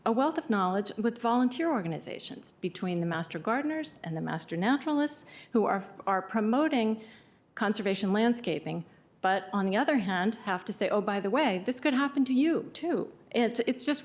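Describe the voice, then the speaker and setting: Woman, public commenter, passionate, emphatic, somewhat high voice. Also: expressive, fairly quick. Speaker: public speaker at a county hearing. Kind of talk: public testimony.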